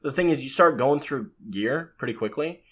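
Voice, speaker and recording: A man's voice: mid-range voice, animated, normal speed, a bit bright, husky. A man co-hosting a podcast, talking at length and defending his view with enthusiasm in casual chat. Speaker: podcast co-host.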